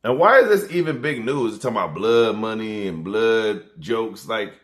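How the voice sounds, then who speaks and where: A man doing a casual comedic rant, rambling and loose, swearing freely and breaking into little laughs. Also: mid-range voice.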